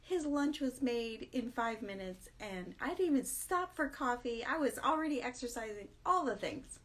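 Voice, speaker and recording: A tired middle-aged woman talks straight to camera in a casual morning vlog. Her voice sits a little high, and she stays chatty and self-mocking, breaking into laughs often. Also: lively intonation, moderate pace, fairly bright tone. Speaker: vlog host.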